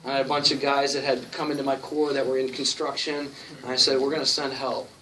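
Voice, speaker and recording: A man telling stories from his work as a church planter at a conference talk, animated and acting out the people he quotes. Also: mid-range voice, quick pace. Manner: storytelling, animated, acts out quotes. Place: conference room. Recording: distant mic with noticeable hiss.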